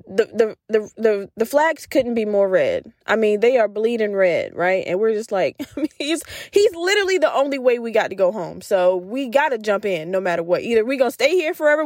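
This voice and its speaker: A woman hosting a podcast, telling a story in a casual, animated way and acting out the voices she quotes, laughing often. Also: fairly high pitch, brisk, no echo, clean studio sound. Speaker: podcast host.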